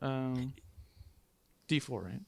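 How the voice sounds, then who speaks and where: A man's voice: mid-range voice, drawn-out words, creaky. A man playing a tabletop game, teasing the others playfully. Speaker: player. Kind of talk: casual tabletop game play.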